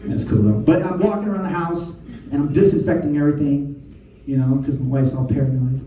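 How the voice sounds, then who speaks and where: A man's voice: a little high, fairly quick, background noise. A young man doing a stand-up comedy set, crude and conversational, full of slang. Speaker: stand-up comic. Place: live comedy show venue. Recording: echoey room mic heard from a distance.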